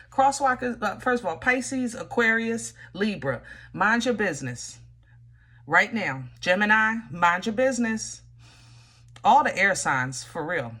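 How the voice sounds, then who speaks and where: A woman's voice: lowish voice, fairly bright tone. A woman giving a casual tarot reading, talking straight to her viewers in a chatty way, often stopping and restarting. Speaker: tarot reader.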